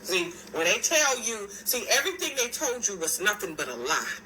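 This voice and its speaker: A woman's voice: mid-range voice, very animated, moderate pace, sharp tone, slight background noise, poor audio. A woman talking straight to her viewers in a casual monologue, emphatic and repetitive, pointing out one thing after another. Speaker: video commentator.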